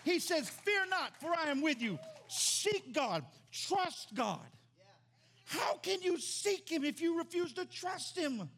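A man in his thirties preaching a sermon as pastor, animated, his voice climbing to near-shouts. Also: very high-pitched, slow.

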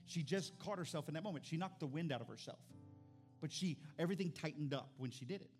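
A pastor, preaching and telling stories in an animated, excited way. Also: male voice, fairly high pitch, quick pace, faint music behind. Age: 40s. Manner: animated storytelling, builds to excited shouts. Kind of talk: sermon.

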